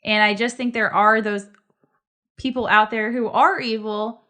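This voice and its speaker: A woman's voice: on the high side, fairly even intonation, measured pace, bright, forceful tone. A woman in her thirties co-hosting a podcast, chatting casually in an earnest, reflective way. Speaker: podcast co-host. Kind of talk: casual chat.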